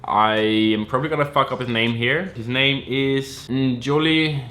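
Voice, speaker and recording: A man's voice: medium pitch, fairly even intonation, measured pace, sharp tone, reverberant. A man in casual chat about fashion, rambling and repeating his words, now and then swearing offhand. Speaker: fashion YouTuber.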